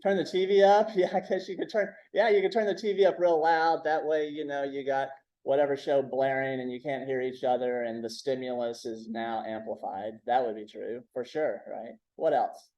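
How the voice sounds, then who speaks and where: A man's voice: medium pitch, little pitch movement, moderate pace, a little mellow, highs cut off. A man giving a conversational training talk, checking in with the audience with frequent "right?". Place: symposium room.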